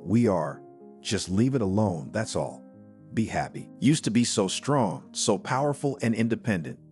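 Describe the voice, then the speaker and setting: A man's voice: fairly low pitch, expressive, normal speed, a little mellow, faint music behind, lightly acted. A man voicing a firm, protective father.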